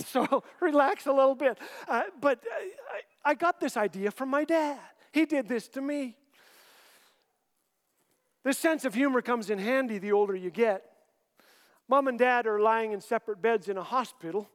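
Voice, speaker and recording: A middle-aged man with a notably high voice tells warm, wry stories with dry punchlines. His voice rings out in a hall with a long reverb. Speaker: Christian humorist and author. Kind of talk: storytelling talk.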